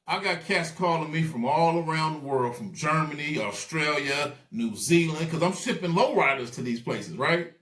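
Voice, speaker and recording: A man telling stories in a casual interview, animated and acting out the voices of people he quotes. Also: a little high, normal speed, hardly any pauses, roomy sound. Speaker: guest.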